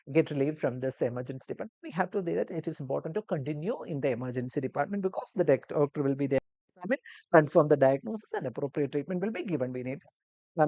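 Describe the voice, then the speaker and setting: Woman tutor, lower voice, dry mic, rambling explanatory delivery for students. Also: creaky, warm tone, dry recording. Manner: explanatory, with many fillers and restarts. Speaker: language teacher. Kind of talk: live online exam-prep lesson.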